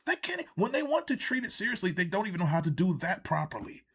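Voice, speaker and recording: Brief: male reviewer, exasperated and profane ranting commentary, slightly high voice that swings widely. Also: sing-song, fast, gravelly, fairly bright tone, slightly rough. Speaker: wrestling show reviewer.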